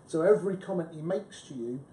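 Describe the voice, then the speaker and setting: Chatty man, mellow slightly high voice. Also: expressive, fast talker. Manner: chatty, emphatic, frequent restarts. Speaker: book club panelist. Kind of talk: casual discussion. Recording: echoey room with faint rumble.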